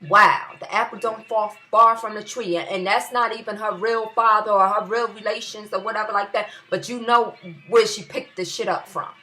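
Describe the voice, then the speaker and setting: A woman's voice: mid-range voice, steady tone, moderate pace, few pauses, bright, forceful tone. Angry, profane woman ranting. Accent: New York area. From US tri-state area. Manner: profane, emphatic, repeats phrases for emphasis. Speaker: vlogger. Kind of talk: heated ranting monologue.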